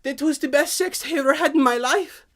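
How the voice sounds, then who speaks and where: A man voicing a breathless, swooning housewife in her thirties, high and airy. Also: brisk, a bit bright.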